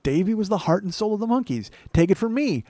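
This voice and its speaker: A middle-aged man hosting a comedy podcast, rambling through a solo monologue with self-mocking asides and sudden bursts of loud mock-outrage. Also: high voice, animated, fast talker, no echo. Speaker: podcast host.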